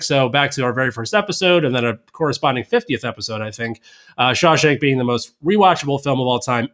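Lively, joking American man. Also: on the high side. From United States. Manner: lively, joking, quick to laugh. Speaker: podcast co-host. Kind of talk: casual movie chat.

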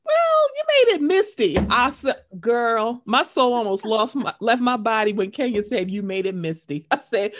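A woman's voice: fairly high pitch, moderate pace, few pauses, background noise. A woman in casual chat who tells stories with speech patterns and acts out quotes between bursts of laughter.

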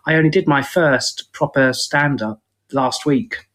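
A man's voice: medium pitch, unhurried, a bit bright. A British man chatting as a podcast guest, wry and self-deprecating, with a rambling way of talking. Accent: British English. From United Kingdom. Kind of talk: casual chat.

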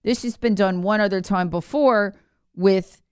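A woman's voice: medium pitch, a little slow, a little mellow, clear, resonant tone, no echo, clean studio sound. A woman hosting a political talk show, giving sarcastic, mocking commentary and drilling points home with "remember". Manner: slips into mock voices to ridicule officials.

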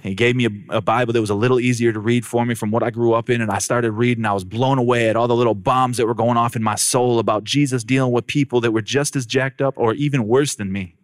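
A man's voice: mid-range voice, steady tone, quick pace, hardly any pauses, no echo. A man tells his life story to an audience as a testimony, in a dramatic way. He acts out both sides of each conversation and turns to talk straight to the listeners. His mid-range voice is recorded close and dry, with no room sound. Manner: speaks directly to the crowd. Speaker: speaker giving a personal testimony.

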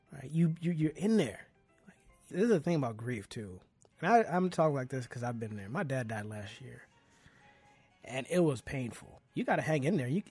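A man speaking as a podcast guest, an earnest and animated storyteller in casual conversation. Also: mid-range voice, husky, dry recording.

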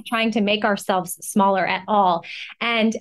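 A woman's voice: mid-range voice, fairly even intonation, a little slow. An enthusiastic woman hosting a podcast. She talks in a casual, friendly way, heaping compliments on her guest and asking open questions. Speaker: podcast host. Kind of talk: casual interview chat.

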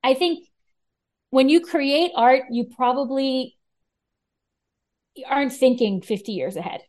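A woman talking as a podcast guest in casual chat, animated, with frequent restarts. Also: high-pitched, measured pace.

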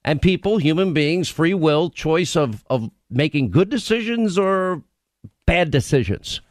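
A man's voice: a little high, expressive, measured pace, no echo, studio quality. A man hosting a talk radio show, speaking emphatically and repeating his points for effect. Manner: emphatic, repeats key phrases.

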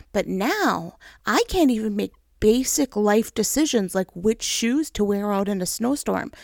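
A woman's voice: a little high, creaky, no echo, studio quality. A woman vlogger talking openly and emotionally to her viewers at home, laughing at herself as she shares her faith. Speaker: Christian vlogger. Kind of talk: candid personal talk to camera. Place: home in snowy region.

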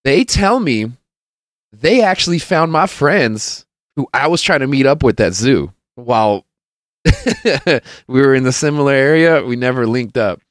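A man hosts his own podcast in a casual storytelling monologue. His voice is smooth and resonant and sits at an ordinary middle pitch. The sound is dry and close, and he rambles, swears and laughs while acting out the quotes. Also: lively intonation, unhurried, no echo. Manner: rambling, profane, laughs often, acts out quotes. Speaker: podcast host.

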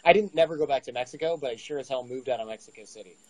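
A man's voice: mid-range voice, racing, rough recording. A man in his forties casually telling a story, acting out the dialogue with energy. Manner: animated, acts out dialogue. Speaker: guest storyteller.

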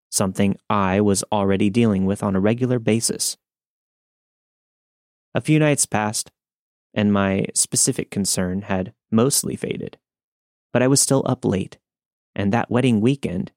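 Guy reading a creepy story, low gravelly voice, dry close mic. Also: no echo. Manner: steady storytelling read. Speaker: narrator. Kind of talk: scripted narration.

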